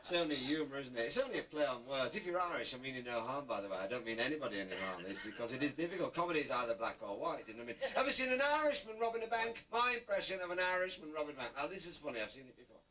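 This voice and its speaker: A middle-aged Yorkshireman with a fairly high, expressive voice does stand-up at a party in a hotel function room, talking very fast with barely a pause. He tells jokes chattily and chuckles at his own punchlines. A distant mic picks him up amid crowd laughter and a noisy room.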